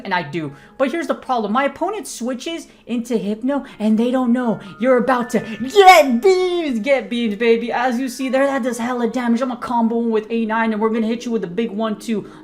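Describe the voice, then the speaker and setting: A woman's voice: fairly high pitch, fast, hardly any pauses. A woman, a gaming content creator, giving hyped, slangy, joking commentary over her own battle gameplay.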